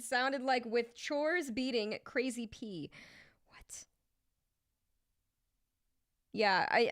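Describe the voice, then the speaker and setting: A woman singer chatting casually on a livestream between vocal takes, reading chat aloud and clearing her throat often. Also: medium pitch, no echo, studio quality. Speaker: singer streaming vocal tracking.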